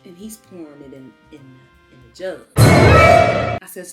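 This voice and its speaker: Young woman telling a storytime, super lively swooping voice, cusses a lot. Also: mid-range voice, a little slow, loud music behind the voice. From Baltimore. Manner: animated, dramatic storytelling with swearing. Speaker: storytime vlogger. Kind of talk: casual storytime.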